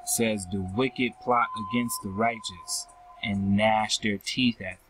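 A man's voice: on the low side, fairly even intonation, over music, low-quality recording. A man reading and explaining scripture verses, checking in with his listeners by asking "right?" after nearly every phrase. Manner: ends almost every phrase with a questioning "right?"; slow, repetitive, addresses listeners as family. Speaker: scripture teacher.

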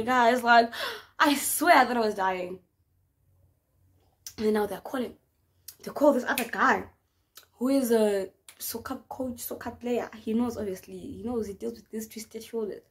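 A young South African woman telling a dramatic story in a casual vlog, with slang and an animated manner. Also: fairly high pitch, unhurried. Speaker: vlogger.

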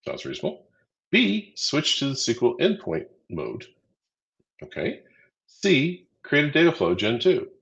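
A man's voice: mid-range voice, wildly swooping pitch, measured pace, vocal fry, a bit bright, highs cut off. A man co-hosting a live training stream, chatty and upbeat as he counts down quiz votes and walks through answers. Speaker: livestream co-host running a quiz. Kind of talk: casual livestream teaching.

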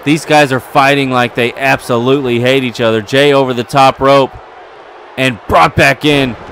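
A man giving excitable play-by-play commentary over a wrestling video game, getting louder at the big moments. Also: mid-range voice, normal speed, slight background noise. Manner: excitable, building to yelling at near falls.

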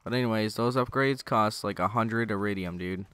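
A man's voice: on the low side, moderate pace, a bit bright, smooth. A young man giving loose, joking commentary over his own gameplay, swearing and talking to the enemies on screen through a gaming headset. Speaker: gaming channel host.

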